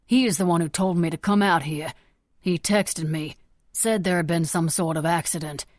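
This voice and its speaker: A woman's voice: fairly low pitch, steady tone, moderate pace, no room sound, clean studio sound, lightly acted. Woman voicing a commanding senator father. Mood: urgent. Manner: firm, urgent, persuasive.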